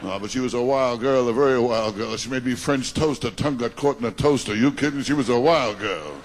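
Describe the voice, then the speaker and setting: A stand-up comedian from Long Island, rattling off self-deprecating one-liners and teasing the crowd. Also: male voice, medium pitch, fairly quick, slight background noise. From Long Island, New York. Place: comedy stage before a live audience. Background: audience laughter.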